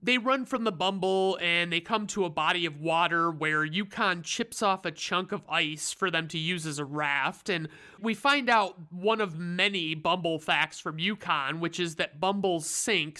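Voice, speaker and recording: A man's voice: sits high, a little slow, few pauses, pushed and bright, clean tone. Sarcastic, profane man recapping a movie. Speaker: reviewer.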